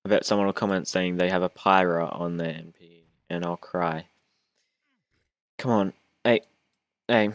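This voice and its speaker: Low-voiced young aussie guy rambling over his gameplay, whiny and self-mocking, dead dry sound. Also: fairly even intonation, normal speed, pauses often, dry recording. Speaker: gaming YouTuber. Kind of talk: casual gameplay commentary.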